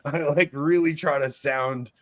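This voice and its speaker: A man's voice: on the high side, fairly even intonation, crowd noise. Long Island man hosting a chatty podcast. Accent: New York Long Island. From Long Island, New York. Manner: laughs often, talks in quick restarts. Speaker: podcast host. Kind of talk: casual podcast chat.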